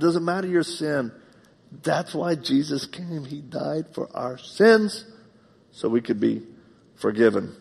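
Husky, gravelly preacher in a reverberant hall. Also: male voice, mid-range voice. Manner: heartfelt, swings from loud emphatic bursts to hushed storytelling. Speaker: pastor. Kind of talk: live sermon with personal storytelling. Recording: long reverb of a large hall.

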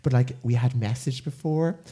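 A man's voice: mid-range voice, moderate pace, husky. An Irish man co-hosting a podcast, telling a funny story in a casual chat and acting out the voices in it. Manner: animated storyteller, acts out quoted voices. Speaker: podcast co-host.

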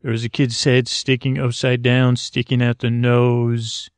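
A man improvising a bedtime story, rambling and halting with many restarts. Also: mid-range voice, monotone, smooth, dry recording.

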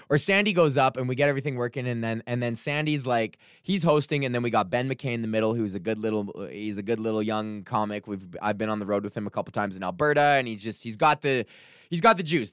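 A man who is a podcast host and stand-up comic rants casually on his show, swearing a lot and rambling with fillers and restarts while a cough lingers. His voice is medium-pitched, recorded with studio quality and no echo.

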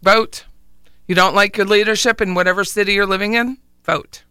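A chatty woman talk-radio host with a Philadelphia accent, her voice very bright, smooth and clear. She leans hard on single words for punch. The studio sound is dry, with soft music underneath. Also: medium pitch, fairly even intonation, quick pace, no room sound. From Philadelphia area. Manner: chatty, emphatic, repeats one word for punch. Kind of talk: casual radio talk show chat. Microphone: studio microphone, also streamed live online.

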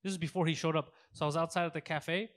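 A man co-hosting a podcast, telling stories in animated casual chat with lots of swearing. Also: fairly high pitch, rapid-fire. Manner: animated storytelling, heavy swearing. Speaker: podcast co-host.

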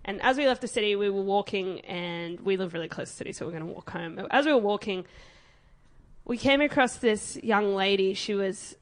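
Animated woman telling a story. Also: mid-range voice, brisk. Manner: animated storyteller, acts out quotes. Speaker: podcast co-host. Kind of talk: casual storytelling chat.

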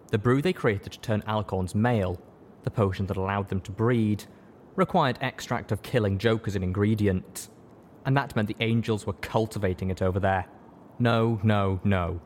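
A man narrating a fan fiction story as an audiobook reading, in a steady, expressive storytelling manner. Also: fairly low pitch, slight background noise.

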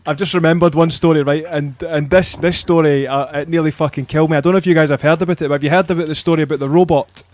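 A man with a slightly raised voice, chatting on a fan podcast. He tells stories at length, swears often and keeps pausing on ums and you-knows. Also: on the high side, fairly even intonation, a little mellow. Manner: chatty storyteller, swears freely, many fillers. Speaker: podcast panelist. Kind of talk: casual fan podcast chat.

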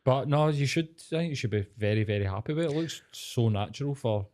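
A man's voice: medium pitch, animated, fast, darkish tone. A young Scottish man co-hosting a podcast, swearing freely and chatting in a laid-back way. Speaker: podcast co-host. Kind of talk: casual chat.

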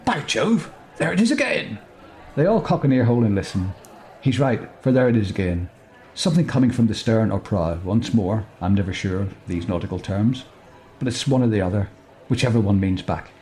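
A man's voice: fairly low pitch, brisk, warm tone. A man narrating a comic story, chuckling, breaking off to joke and correct himself.

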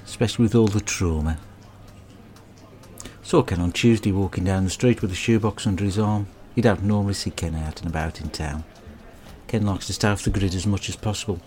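A man delivers a crude, deadpan and rambling comic monologue. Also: low-pitched.

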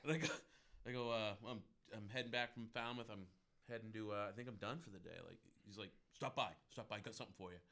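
A man's voice: lowish voice, steady tone, fast talker, pushed and bright. A man with a New England accent hosting a casual podcast, laid-back, often laughing, and acting out the voices in his stories. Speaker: podcast host.

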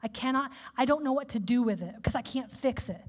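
A woman preacher giving a sermon in a candid, conversational, animated way. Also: fairly high pitch, brisk. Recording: echoey hall with long reverb.

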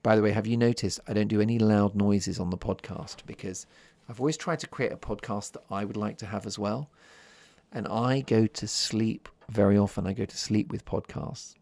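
A man hosting his own podcast in a calm, chatty monologue, keeping his voice soft and easy for listeners drifting off to sleep. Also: lowish voice, moderate pace, dry recording. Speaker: podcast host.

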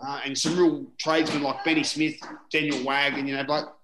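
A man's voice: a little high, flat delivery, fairly quick, noisy background. A middle-aged Australian man, a former rugby league player, telling rambling stories in a casual interview, full of "you know" and the odd swear. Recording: roomy echoing room.

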